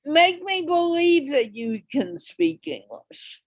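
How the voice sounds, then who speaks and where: A woman's voice: high voice, big pitch swings, slow pace, no room sound, low-quality recording. A woman hosting an English conversation show on a video call, coaching a learner in an emphatic way and repeating words for stress. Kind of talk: encouraging casual chat.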